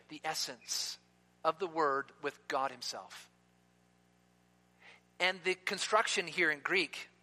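A man preaching a sermon in an emphatic way, slowing down to stress key words. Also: sits high, sharp tone. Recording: long reverb of a hall.

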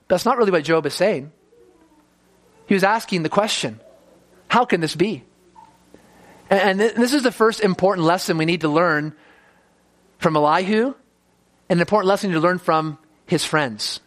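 A man's voice: moderate pace, long pauses, fairly bright tone. A man preaching a sermon, earnest, often repeating words as he starts a sentence and acting out the voices he quotes. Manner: acts out quoted voices with rising pitch.

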